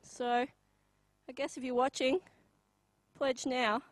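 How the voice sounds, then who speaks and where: Slow deadpan Australian woman. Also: high-pitched, dry recording, poor audio. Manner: deadpan, halting with many pauses and ums. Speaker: comedy performer. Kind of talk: live comedy sketch.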